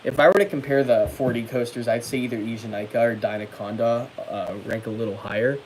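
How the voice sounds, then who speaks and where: A young man talks casually on his livestream at a middle pitch, chatting and answering viewer comments. There is faint noise behind him. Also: fairly even intonation, a little fast, rough recording. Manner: chatty, reads comments aloud and answers them, many fillers. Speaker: livestream host.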